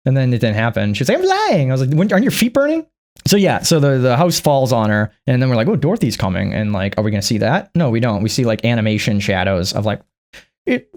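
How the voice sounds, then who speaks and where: A man giving a casual, rambling and profane movie recap, acting out the characters in squeaky put-on voices. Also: darkish tone. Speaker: movie reviewer.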